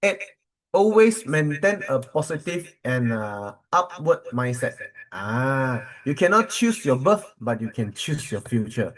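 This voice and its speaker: A man's voice: medium pitch, very animated, measured pace, low-quality recording. A man with a Malaysian English accent, a corporate trainer telling motivational stories and quizzing his audience, with many fillers.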